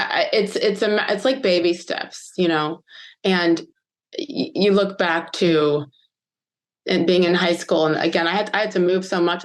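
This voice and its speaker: Woman, 50s, from the US; podcast guest recounting her past, heartfelt, pausing to steady herself. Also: on the low side. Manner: earnest, emotional, pauses to collect herself. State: choked up. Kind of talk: podcast interview, personal storytelling.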